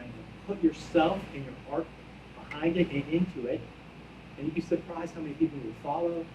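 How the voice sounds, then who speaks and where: A brand executive telling a casual, self-mocking story at a conference, acting out both sides of each conversation. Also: male voice, fairly high pitch, echoey room, recorded from a distance, dull audio, noisy background. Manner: animated anecdote, acts out both sides of dialogue. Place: conference hall with live audience.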